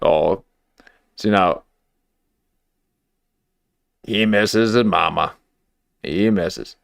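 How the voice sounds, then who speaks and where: A man riffs in a casual, joking livestream commentary, his voice sitting fairly low. He takes his time, drawling and wandering through fillers and half-finished thoughts before landing a wry remark. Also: drawn-out words, vocal fry, no room sound, studio quality. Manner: rambling, wry, with many fillers and restarts.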